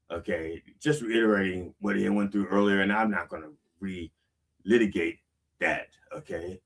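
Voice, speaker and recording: A pastor with a fairly low voice and lively intonation speaks at normal speed, far from the mic. He gives a casual sermon, reading song lyrics aloud and unpacking them conversationally while often asking "okay?"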